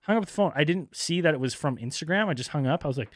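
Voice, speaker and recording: A man co-hosting a podcast, telling a story casually, swearing a lot and acting out the people he talks about in high voices. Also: expressive, fast talker. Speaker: podcast co-host.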